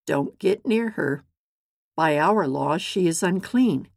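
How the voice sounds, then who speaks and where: A woman's voice: fairly low pitch, lively intonation, slow, creaky, no room sound, studio quality, exaggerated voice. A woman voicing a stern, disapproving male religious critic in a Bible storybook reading.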